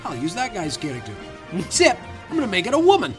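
A man's voice: sits high, wildly swooping pitch, fast talker, a bit bright, soft background music, heavily acted. A man improvising a dead Scottish narrator's ghost in a comedy podcast bit, folksy and rambling with a Scottish accent that thickens as the figure drinks whiskey and turns foul-mouthed. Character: dead, boozy old Scottish male narrator ghost, folksy turning mean.

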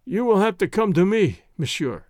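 A man voicing a weak, dying Englishman who speaks slowly and formally in an audio story. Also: high voice, big pitch swings, a little mellow, no room sound, clean studio sound.

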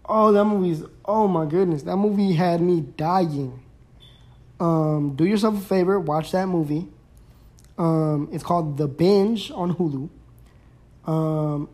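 A man's voice: a little high, a little mellow. A young man hosting his own podcast, chatting casually and rambling in laid-back slang. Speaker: podcast host. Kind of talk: casual solo podcast chat.

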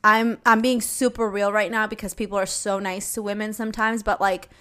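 Frank, animated young woman host. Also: medium pitch, brisk. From Latina. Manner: frank, animated, swears casually, acts out her own comebacks. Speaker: podcast host. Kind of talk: casual advice chat.

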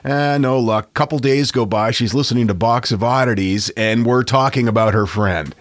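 A man co-hosting a podcast in casual chat, reading listener emails aloud in a relaxed way. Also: mid-range voice, normal speed, no room sound. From Maine, US. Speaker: podcast co-host.

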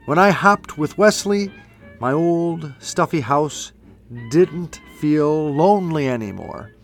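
A man reads a children's storybook aloud in a gentle, playful manner. His voice sits slightly high for a man, with faint music beneath. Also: expressive, takes it slowly. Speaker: narrator.

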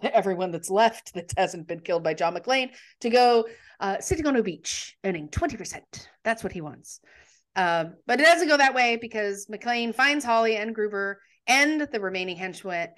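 A woman co-hosting a casual chat, retelling a film's plot in a chatty way with many ums. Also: medium pitch. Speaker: podcast co-host. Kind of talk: casual movie recap chat.

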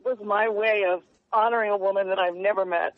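A woman journalist speaking earnestly and emotionally as a guest in a radio interview, halting now and then. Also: mid-range voice, fairly even intonation. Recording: tinny phone line.

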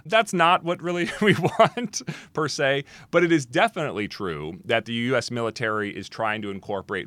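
A man answering as the guest expert in a podcast interview, talking in an animated, emphatic way with quick restarts and asides. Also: mid-range voice, no echo.

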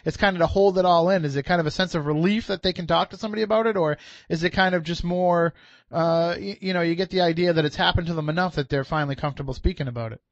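A man co-hosting a radio show rattles off quick questions and jokes. His voice sits a little high, and the sound is dry and dull. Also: no room sound. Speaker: radio co-host. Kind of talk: casual radio banter.

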